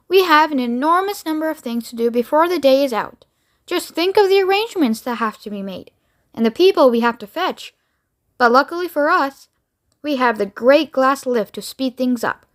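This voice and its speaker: A woman voicing an excitable, eccentric male candy maker who talks in quick, bubbly exclamations. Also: sits high. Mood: delighted.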